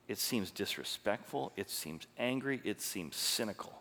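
A pastor gives an animated, conversational sermon and asks his listeners many questions. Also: on the low side, moderate pace, few pauses. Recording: long reverb of a large hall.

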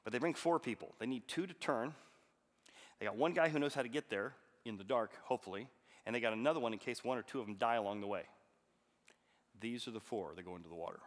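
A man preaching a sermon, telling a story and reading scripture aloud with bursts of loud emphasis. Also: medium pitch, animated, quick pace. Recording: long hall reverb.

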